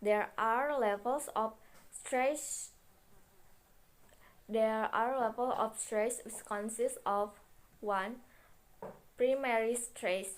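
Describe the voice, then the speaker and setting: Slow, careful young woman student presenter. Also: on the high side. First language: Indonesian. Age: young adult. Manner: slow, careful reading with restarts and self-corrections. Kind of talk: reading a class presentation.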